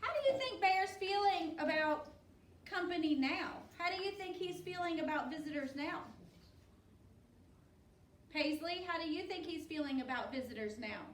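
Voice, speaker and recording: A woman's voice: extremely high pitch, animated, moderate pace, slight background noise. A woman teacher reading a picture book to children, encouraging and asking pupils questions by name. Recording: roomy, distant mic.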